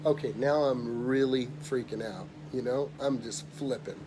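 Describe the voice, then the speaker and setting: A middle-aged man giving a motivational talk, telling a personal story emphatically and dropping quiet when he voices others. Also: mid-range voice, measured pace, few pauses, noisy background. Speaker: motivational speaker.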